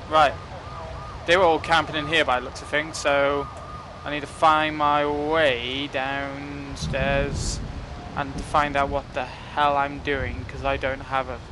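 A young man giving casual, excitable commentary while playing a game, joking and swearing at what happens on screen. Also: a little high, noisy background. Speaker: gaming commentator.

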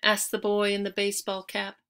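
A woman's voice: mid-range voice, monotone, brisk, a bit bright, clear, resonant tone. A woman reading a children's chapter book aloud, telling it expressively and lingering on key words. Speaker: audiobook reader.

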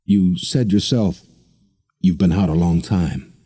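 Man doing a desperate young woman, raised pitch, husky, pleading, insistent. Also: slow pace, mellow, full character voice.

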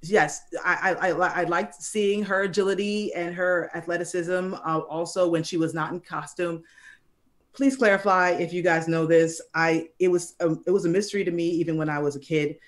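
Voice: mid-range voice, steady tone, normal speed. A young adult guest on a casual panel discussion who speaks hesitantly, with many ums and restarts.

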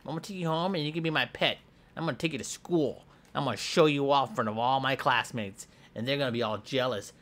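A man voicing a goofy, excitable schoolboy hero in a comedic game voiceover, jumping between squeals and mutters. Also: medium pitch, fast, natural voice. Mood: playful. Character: hyper boastful schoolboy hero with a pet shark. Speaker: gameplay voice actor.

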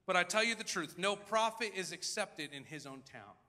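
A man preaching a sermon in a dramatic style, acting out crowd voices and swinging between loud and hushed. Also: sits high, lively intonation, moderate pace, long reverb tail. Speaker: pastor. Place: large church hall.

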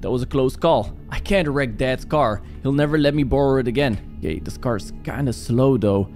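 A man doing joking, animated play-by-play commentary while playing a horror game. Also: medium pitch, normal speed, faint music behind. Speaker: gaming YouTuber.

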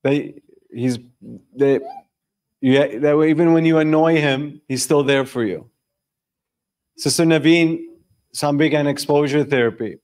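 Animated man leading a group talk. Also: fairly high pitch, a little slow, long pauses. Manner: animated, storytelling, quizzing the audience. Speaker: discussion leader. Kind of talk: live group talk with audience. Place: room with a live audience.

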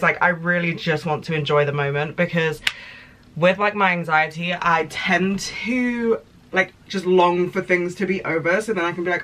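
Chatty girl vlogging, rambly and excited, kinda sharp bright voice, faint noise behind. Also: fairly low pitch, normal speed. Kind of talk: casual vlog chat.

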